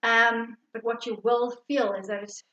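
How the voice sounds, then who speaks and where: A woman from South Africa, a middle-aged vitality coach, calmly explaining breathing and relaxation techniques with frequent fillers and restarts. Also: a little high, unhurried, dull audio. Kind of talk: guided wellness instruction.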